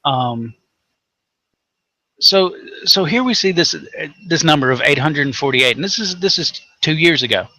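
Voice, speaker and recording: A man from Tennessee, USA, with a Southern accent co-hosts a rant show, delivering angry, sarcastic commentary full of profanity and mocking voices. His fairly high voice is animated, pushed and bright, unhurried in pace, with no echo.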